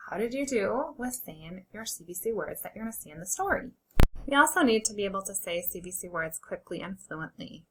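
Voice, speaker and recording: A woman teacher leading an early reading lesson for children, sounding out words slowly and clearly and encouraging them as friends. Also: mid-range voice, animated, a bit bright, rough recording.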